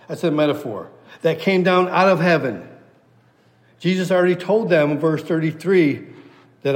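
A man's voice: a little high, normal speed. A man preaching an expository sermon, reading scripture aloud and hammering points home through repetition. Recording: long hall reverb.

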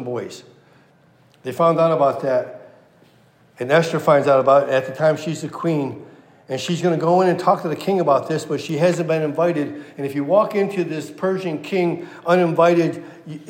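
A man preaching a sermon, quoting scripture with passion and dropping to a hush at key lines. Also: on the high side. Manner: impassioned, swings from loud to hushed. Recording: echoey room.

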